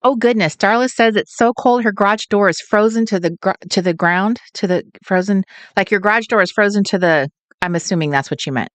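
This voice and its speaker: Speaking fairly quickly at a medium pitch, a woman from California chats through a nighttime craft livestream from her home. She greets viewers in a giggly, sing-song manner, and there's no room sound.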